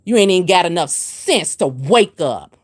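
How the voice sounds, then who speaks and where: A woman hosts a spiritual livestream. She scolds and preaches at a commenter, hammering her points with repetition. Her pitch swoops from low and firm to high and emphatic. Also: lively intonation, moderate pace, husky. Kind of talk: livestream rant answering comments.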